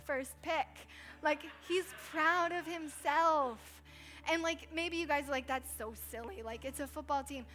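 A woman's voice: sits high, bright, forceful tone. A woman in her thirties giving a conversational sermon in church, telling stories in a chatty way with lots of "like". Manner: chatty storytelling with frequent "like". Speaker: pastor's wife preaching. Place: church stage.

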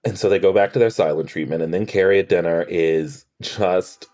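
A man co-hosting a casual podcast, recapping a TV episode in an animated, profane way and acting out characters' lines. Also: sits low, fairly quick. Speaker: podcast co-host. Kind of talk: casual chat recapping a TV show.

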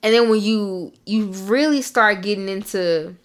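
A young woman co-hosting a podcast, telling stories in a profane, animated way and breaking into shouted outbursts. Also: medium pitch, measured pace. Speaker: podcast co-host. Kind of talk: casual chat.

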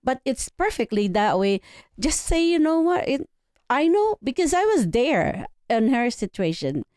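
Guest mother, middle-aged, slightly high voice, halting gentle phrasing, dry mic. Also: very animated, no echo. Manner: searches for words, gentle advising tone. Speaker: podcast guest, host's mother. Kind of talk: casual family chat.

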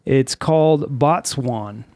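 A man's voice: mid-range voice, takes it slowly, darkish tone, no room sound. A man hosting a casual podcast over drinks, loose and joking, rambling through his intros with lots of fillers. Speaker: podcast host.

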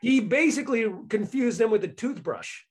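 A man in casual political chat, animated and mocking, swearing freely as he talks. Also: very high-pitched, moderate pace, slightly rough, poor audio.

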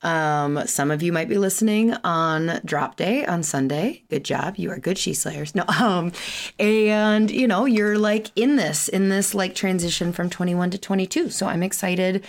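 A woman hosts her own podcast in a loose, chatty style, laughing often and tossing in the odd curse. She sounds worn out but stays animated. Her voice sits a little low for a woman. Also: measured pace. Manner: chatty and animated, with frequent fillers, laughs and casual swearing. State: tired. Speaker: podcast host and chiropractor. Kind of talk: casual solo podcast chat.

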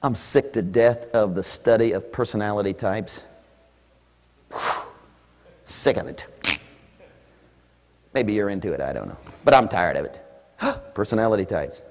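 A male preacher giving an animated sermon in a church, shouting for emphasis and mimicking congregants. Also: lowish voice, a little slow, pauses often. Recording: echoey hall with long reverb.

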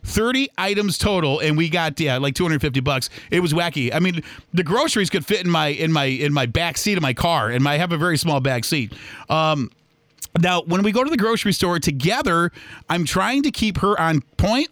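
A chatty man talks on his solo podcast, wandering from story to story and slipping into other people's voices. His voice sits fairly high for a man. The recording is dry and close, with no room sound. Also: expressive, normal speed, fairly bright tone, dry recording. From Michigan, US. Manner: chatty and rambling, acts out shoppers' voices. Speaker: podcast host. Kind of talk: casual solo podcast monologue.

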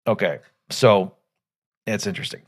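A man with a fairly low voice hosts a podcast, talking loosely through an old animated film. He thinks aloud, doubles back on his own sentences and jumps into loud bursts when he quotes the characters. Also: normal speed. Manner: rambling, thinks aloud with many restarts; acts out quoted lines with sudden loud jumps. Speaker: podcast host. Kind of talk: casual film commentary.

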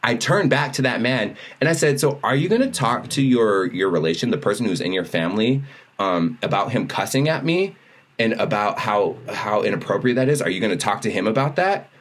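A man with a fairly low voice and a brisk pace co-hosts a podcast. During casual conversation he recounts a story with animation, performing the lines of its characters.

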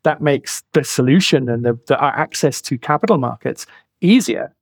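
A man's voice: mid-range voice, expressive, moderate pace, dry recording. A man in his forties, a financial planner speaking as a podcast guest, talking emphatically and reaching for colorful analogies. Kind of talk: podcast interview.

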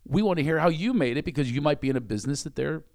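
A man's voice: fairly high pitch, animated, rapid-fire, darkish tone. A man hosting a podcast in his office, chatty and joking, laughing often. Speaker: podcast host. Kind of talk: casual chat.

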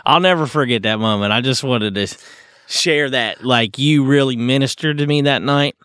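A man's voice: medium pitch, normal speed, clean tone, no room sound, clean studio sound. A man hosting a casual chat, talking in a laid-back way and calling others "dude" and "man.". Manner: relaxed, uses "dude" and "man" often.

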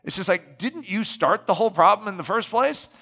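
Bright-voiced preacher in a reverberant hall. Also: male voice, high voice, animated, brisk, vocal fry. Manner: conversational, tag questions to the congregation. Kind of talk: sermon.

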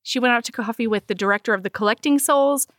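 A woman casually recapping a book in animated, profane chat, acting out the characters' lines as she goes. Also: fairly high pitch, fast talker, no echo, studio quality. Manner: animated, swears freely, acts out characters' lines. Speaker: podcast co-host reviewing a book.

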